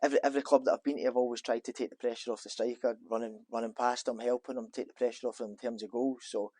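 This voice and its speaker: A man's voice: mid-range voice, little pitch movement, rapid-fire, darkish tone, no echo. A man, a former footballer being interviewed in an office, talking casually and rambling with many restarts and fillers.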